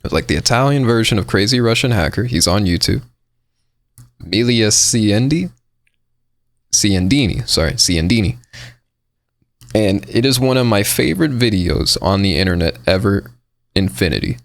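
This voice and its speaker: A man on a podcast, rambling through a story in casual banter. His voice sits a little low and swings widely in pitch, and the sound is close and dry. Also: expressive, moderate pace, gravelly, long pauses, dry recording. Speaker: podcast co-host.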